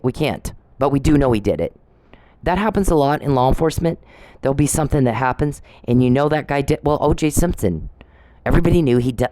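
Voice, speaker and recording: A woman with a very deep, warm voice hosts her own podcast on a dry, rough recording. Her angry personal monologue tells a story bluntly with swearing, aimed as an accusation at someone she addresses directly.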